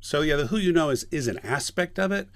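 A man's voice: fairly high pitch, fast, dry recording. A man who directs and teaches voice acting, telling a story in a casual podcast interview and acting out the people in it. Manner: animated storyteller, acts out quoted voices.

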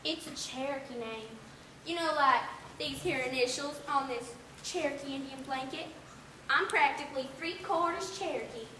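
A bold, fibbing orphan girl, played by a young actress pipes up high in a rough country way. The sound is roomy and distant, with steady noise behind it, as if the play was taped from the back of a hall. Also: moderate pace. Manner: pushy, rural talk. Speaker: actor in a school play. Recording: roomy stage sound from far off, noisy.

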